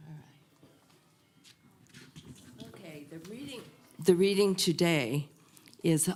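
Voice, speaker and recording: An older woman reading a prayer and then sharing a personal story at a church service, soft and earnest. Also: lowish voice, expressive, takes it slowly, pauses often, husky. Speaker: guest reader at a church service. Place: church sanctuary.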